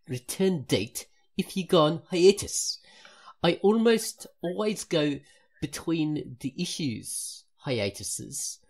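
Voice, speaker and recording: A woman reading a post aloud in a put-on South African accent, halting and self-mocking. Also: low voice, darkish tone, full character voice.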